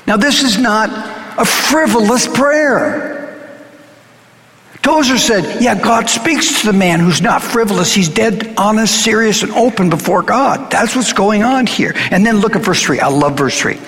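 A man with a fairly high voice preaches an earnest, conversational sermon, often stumbling and restarting as he presses his point. His words carry a long reverb, as if spoken in a large church hall. He swings between urgent emphasis and quieter, closer moments. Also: lively intonation, measured pace, a little hiss or hum. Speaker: pastor.

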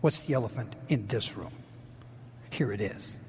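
A man preaching a sermon as a pastor, swinging from loud urgent lines to near-whispers. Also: a little high, huge pitch swings, normal speed, creaky, a little hiss or hum. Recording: long reverb of a large hall.

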